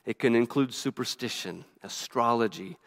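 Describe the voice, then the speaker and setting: A man preaches a sermon in a rushed, earnest flow, stumbling over and restarting his phrases. His voice sits at an ordinary middle pitch. A long reverb trails every line, as in a church sanctuary. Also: a bit bright. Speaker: pastor. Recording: reverberant hall.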